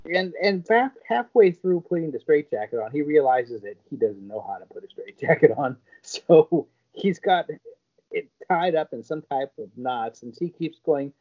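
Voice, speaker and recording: A man co-hosting a podcast, retelling scenes in a lively, crude comic way. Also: fairly high pitch, normal speed, few pauses. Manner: lively storytelling, crude jokes. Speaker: podcast co-host. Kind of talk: casual comedic chat. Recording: dull lo-fi podcast audio.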